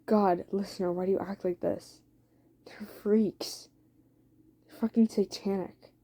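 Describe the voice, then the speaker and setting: A woman's voice: medium pitch, fairly even intonation, a little slow. A woman voicing an angry, rude teenage boyfriend who sneers and swears during a heated argument. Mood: scornful. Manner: sneering, swearing, shouting at times.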